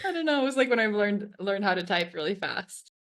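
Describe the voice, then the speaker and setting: A woman's voice: mid-range voice, lively intonation, a little fast, fairly bright tone. Chatty woman in her thirties, laughing often. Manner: chatty, fills speech with "like", laughs often while telling stories. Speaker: podcast co-host. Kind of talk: casual chat.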